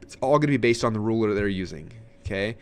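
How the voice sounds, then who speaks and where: A man giving a casual webinar lesson on marketing, talking with lots of energy and letting his voice swing high and low for emphasis, with frequent fillers and restarts. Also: clean tone. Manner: energetic, fast, swooping pitch for emphasis. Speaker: marketing trainer.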